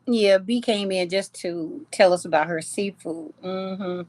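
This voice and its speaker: A woman's voice: mid-range voice, measured pace, a little mellow, no room sound. A woman hosting a casual live chat, reading comments aloud, teasing her viewers and laughing often. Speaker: livestream host.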